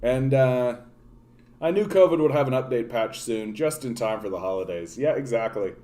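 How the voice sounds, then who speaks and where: A man's voice: medium pitch, expressive, moderate pace, mellow. A man from Canada hosting a casual political livestream, ranting in a profane, sardonic, rambling way and answering his chat. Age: adult, grown since his younger days. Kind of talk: casual rant to live chat.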